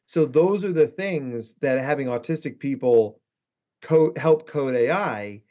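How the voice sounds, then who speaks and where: A man's voice: medium pitch, measured pace, dull audio. A man who is a guest therapist on a podcast, telling long rambling stories in a casual chat, swearing freely and saying "like" and "right?" a lot.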